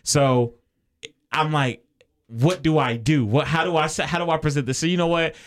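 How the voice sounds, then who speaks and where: A man's voice: on the high side, moderate pace. A man co-hosting a podcast, telling a story in a casual way and acting out the people he quotes. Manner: animated, acts out the people he quotes. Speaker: podcast co-host.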